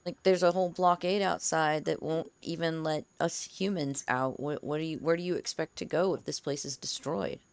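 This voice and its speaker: A woman at a tabletop game pushes back with blunt, skeptical questions and casual swearing. Her voice is lowish and smooth, recorded dry and close. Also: steady tone, normal speed, few pauses, no room sound. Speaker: player. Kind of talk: casual in-character play.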